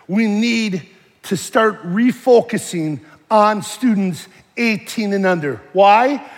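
Animated male preacher in a reverberant hall. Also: very high-pitched. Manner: animated, joking, shifts from shouting to hushed. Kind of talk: sermon.

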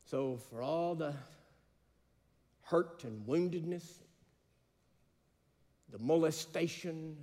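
A man's voice: a little high, slow, pauses often, a little mellow, big-room sound. A man preaching a sermon, telling stories and building to emphatic peaks. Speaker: pastor.

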